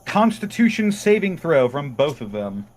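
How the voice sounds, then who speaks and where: A man's voice: on the high side, sing-song, moderate pace, slight background noise. A man playing a character in a tabletop game, casually declaring his actions and dice rolls. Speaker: player.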